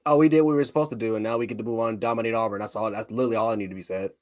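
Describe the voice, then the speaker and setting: A man from Buffalo, New York, co-hosting a casual sports talk show, excitable and rambling. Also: on the low side, racing, no room sound. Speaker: co-host, fan panelist.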